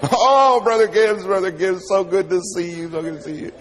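A man's voice: sits high, moderate pace, voice pushed up, lightly acted. A man putting on a bubbly, gushing preacher. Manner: gushing, repeats himself. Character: bubbly overeager male preacher.

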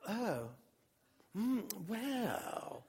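A man's voice: high-pitched, sing-song, extremely slow, in a large hall, a crowd in the background, pitched above the performer's own voice, heavily acted. A man voicing a polite young man at a bus stop who earnestly pleads to hear more. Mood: pleading.

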